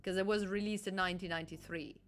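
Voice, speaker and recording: A woman's voice: medium pitch, fairly even intonation, quick pace, faint music behind. A German woman streaming a game in English with a German accent, chatting casually, musing aloud and often correcting herself.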